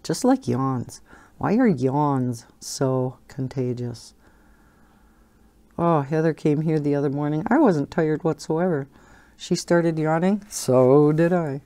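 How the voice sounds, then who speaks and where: Chatty low-voiced woman host. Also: slow pace, dark tone. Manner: chatty, rambling, laughs often. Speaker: coloring channel host. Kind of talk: casual chat while coloring.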